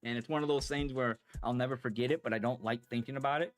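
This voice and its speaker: A man telling a personal story in a halting, rambling way, pausing as the emotions come back. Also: medium pitch, steady tone. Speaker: vlogger.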